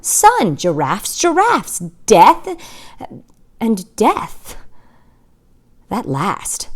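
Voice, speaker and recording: A woman reading a short story aloud, with expressive delivery and small asides to listeners. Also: medium pitch. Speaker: reader.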